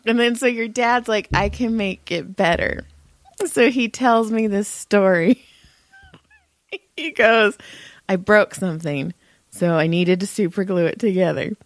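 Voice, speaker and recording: A woman's voice: mid-range voice, unhurried, no echo. A woman in her thirties co-hosting a podcast, telling stories in casual chat and laughing often. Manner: laughs a lot while telling stories, animated. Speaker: podcast co-host.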